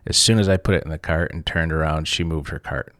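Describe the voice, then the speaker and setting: A man's voice: a bass voice, fast talker, fairly bright tone, no room sound, studio quality. A man hosting a podcast, telling a story in a casual monologue, blunt and self-mocking, swearing freely. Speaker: podcast host.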